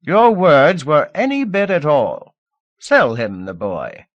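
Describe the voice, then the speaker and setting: Man doing a stuck-up alien lord barking short orders, loud and slow. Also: fairly high pitch, wildly swooping pitch, highs cut off, pitched above the performer's own voice, heavily acted. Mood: commanding. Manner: curt, commanding. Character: haughty, arrogant alien male lord.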